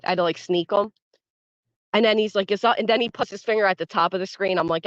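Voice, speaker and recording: A woman's voice: medium pitch, fast, dry recording, dull audio. A woman hosting a casual livestream from home, chatting with her viewers and reacting to the chat in a blunt, foul-mouthed way, laughing often. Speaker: livestream host. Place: at home, early morning.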